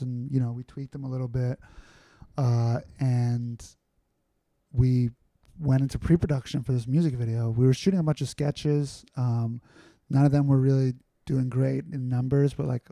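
A man's voice: mid-range voice, vocal fry, dark tone, no room sound. A man talking casually as a podcast guest, rambling and candid, with many fillers and restarts. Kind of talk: casual conversational storytelling.

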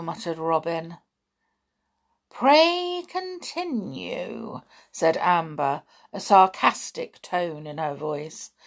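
A woman narrating a children's story aloud, expressive, with dramatic pauses. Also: fairly low pitch, creaky. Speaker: audiobook narrator.

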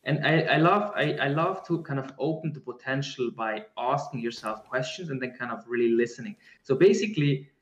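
A man talks in a calm, reflective way, circling back and restarting as he searches for his words. His voice sits at an average pitch, and the recording sounds roomy and a bit dull, with the room's echo around him. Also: a little fast, few pauses. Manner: searching, many restarts and fillers. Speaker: guest speaker on embodiment. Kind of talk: reflective conversational answer.

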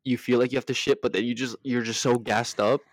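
A man's voice: mid-range voice, steady tone, fast, dry recording, studio quality. A young man co-hosting a casual podcast, joking crudely and laughing often. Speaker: podcast co-host. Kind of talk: casual chat.

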